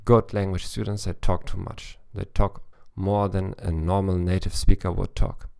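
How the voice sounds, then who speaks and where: Gravelly low-voiced man giving advice. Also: little pitch movement, normal speed, a little mellow. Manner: thoughtful, with frequent restarts and fillers. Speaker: language coach podcast host. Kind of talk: solo advice podcast.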